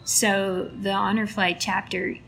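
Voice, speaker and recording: Woman, podcast guest, casual storytelling, very creaky voice, faint background noise. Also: medium pitch, slow pace. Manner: animated retelling, acting out both sides of a conversation. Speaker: volunteer photographer, guest.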